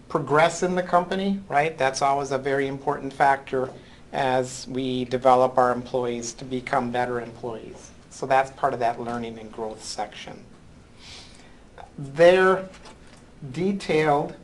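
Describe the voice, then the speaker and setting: Male instructor, classroom lecture, slow unhurried pace, halting with frequent ums. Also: mid-range voice, slight background noise, low-quality recording. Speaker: college accounting instructor.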